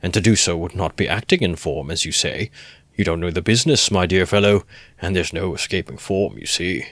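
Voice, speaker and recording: A man's voice: sits low, expressive, brisk, a bit bright, no echo, heavily acted. A man voicing a sly middle-aged male magistrate who mocks and gloats. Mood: mocking. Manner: sly, mocking, playful.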